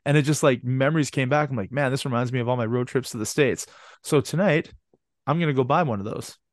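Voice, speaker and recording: A man's voice: medium pitch, fast talker, dry recording, clean studio sound. A man, co-hosting a podcast in casual chat and telling rambling, profane stories. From Canada. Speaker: podcast co-host.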